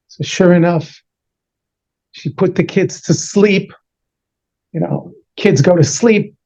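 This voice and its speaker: A man's voice: sits high, takes it slowly, pauses often, muffled recording. A man, a rabbi, telling a story to children, playfully acting out the characters' voices and mixing in Yiddish and Hebrew words. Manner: animated, acts out the characters' voices in short bursts. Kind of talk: storytelling to children over a video call.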